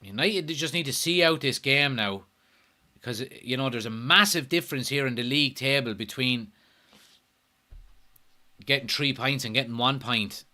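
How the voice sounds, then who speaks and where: A young man hosting a live football watchalong, reacting excitably, swearing often and reading out viewer comments. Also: mid-range voice, normal speed, long pauses. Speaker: watchalong host.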